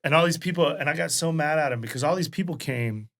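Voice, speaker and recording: Creaky-voiced comedian telling road stories. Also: male voice, on the high side, fast. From Wyoming. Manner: animated, profane, acts out people in stories. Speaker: guest stand-up comedian. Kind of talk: casual storytelling chat.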